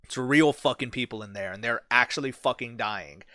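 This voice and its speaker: A man hosting a livestream, chatting casually with his chat, swearing a lot and telling vivid stories with hushed dramatic build-ups. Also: medium pitch, moderate pace, dry recording, studio quality. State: bit his cheek, sore mouth. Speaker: livestream host reading chat.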